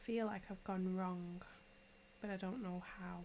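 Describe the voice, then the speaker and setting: A woman's voice: lowish voice, steady tone, unhurried, darkish tone, slight background noise. Chatty woman with a strong English accent. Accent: English regional. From England. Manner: chatty, laughs easily, answers chat as she knits. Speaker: knitting tutor. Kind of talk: casual livestream tutorial.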